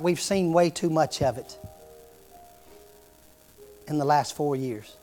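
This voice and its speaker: A man's voice: on the high side, takes it slowly, long pauses, mellow. Impassioned preacher, man, faint music. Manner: impassioned storytelling sermon delivery. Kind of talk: sermon.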